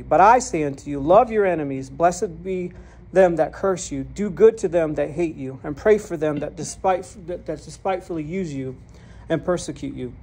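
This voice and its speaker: A man's voice: fairly high pitch, darkish tone. A man giving a personal testimony as a sermon. He speaks in an earnest, candid way, often repeats words as he restarts, and laughs at himself. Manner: self-deprecating, laughs at his own story. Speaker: preacher sharing his testimony.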